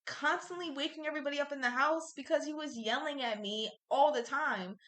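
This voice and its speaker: A young woman with a high, bright voice tells a story on a podcast, blunt and full of swearing. She is recorded in an echoey room. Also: a little fast. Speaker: podcast co-host. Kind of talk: casual storytelling chat.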